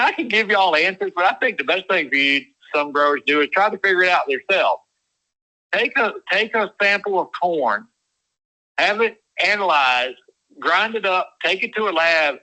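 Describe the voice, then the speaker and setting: A man's voice: fairly high pitch, pushed and bright, poor audio. A man giving a folksy webinar talk as a guest farmer. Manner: folksy, uses y'all.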